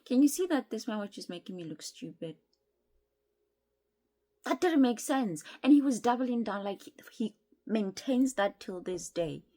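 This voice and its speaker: A woman telling an animated, exasperated storytime on her vlog. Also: on the high side, a little slow. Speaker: vlogger.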